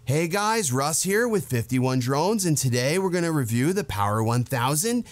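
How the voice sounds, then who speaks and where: A man's voice: a little high, sing-song, normal speed. A man doing an impression of a laid-back male drone reviewer who sounds sleepy and stoner-like.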